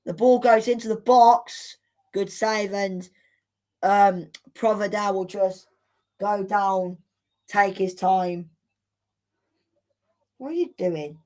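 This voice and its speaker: A woman hosts a live football watchalong, reacting with excitable exclamations and indignant rants. Her voice is mid-range, and she speaks slowly with long pauses.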